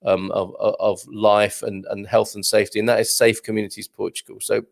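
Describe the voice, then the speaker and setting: A man's voice: on the low side, flat delivery, fairly quick, gravelly. A man hosting a live show, musing over the news in a wry, chatty way and asking his audience questions. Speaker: show host.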